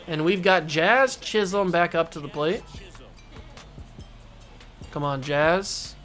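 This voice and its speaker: A man hosting a gaming channel, giving excitable play-by-play commentary on his own baseball video game, talking to himself and to the game as he plays. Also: high-pitched, slow pace, long pauses, soft background music.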